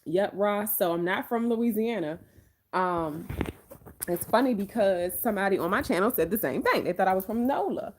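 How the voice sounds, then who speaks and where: Animated Southern woman, casual chat. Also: medium pitch, normal speed. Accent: Southern American (Georgia). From Georgia, USA. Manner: animated, expressive voice. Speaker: vlogger, host. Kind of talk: casual live-stream chat.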